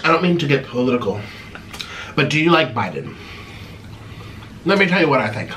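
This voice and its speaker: Sarcastic, animated man talking while eating. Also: brisk, distant mic, slight background noise. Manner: sarcastic, theatrical, swings between high and low pitch. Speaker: mukbang host answering viewer questions. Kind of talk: casual chat while eating.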